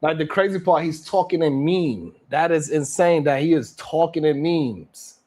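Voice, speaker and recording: A man from New York hosts a live reaction stream, his voice sitting slightly high. He keeps it loose and casual and peppers his banter with curses. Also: measured pace, a little mellow. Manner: loose banter, heavy cursing, frequent laughs. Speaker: live stream talk show host.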